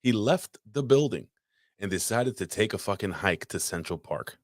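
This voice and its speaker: A man's voice: on the low side, expressive, normal speed, no echo, studio quality. A man co-hosting a podcast, telling a long story in crude, rambling casual chat with frequent restarts. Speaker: podcast co-host. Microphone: podcast microphone.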